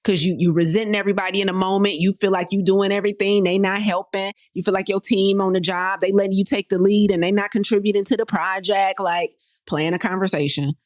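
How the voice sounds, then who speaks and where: Animated woman giving blunt advice. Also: medium pitch, fast talker. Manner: direct, animated, colloquial, addresses listeners as y'all and you guys. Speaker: host. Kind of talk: motivational talk to an online audience.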